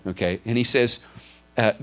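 An earnest male pastor delivering a sermon, his voice sitting on the lower side. He keeps turning to his listeners with direct questions and checks that they follow along. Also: normal speed, fairly bright tone. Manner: explains with a drawn board, asks if listeners follow.

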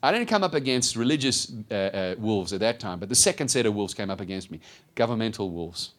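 A man preaching a sermon, telling his own story with lively storytelling and acted-out voices. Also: fairly low pitch, brisk. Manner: animated storytelling, acts out voices. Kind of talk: sermon testimony.

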